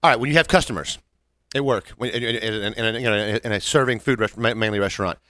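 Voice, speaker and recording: A man co-hosting a casual podcast, telling bar stories in a quick, animated way and acting out his customers. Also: on the low side, dry recording, clean studio sound. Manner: animated, fast-talking, acts out customers in quick voices. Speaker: podcast co-host, bartender. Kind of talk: casual chat.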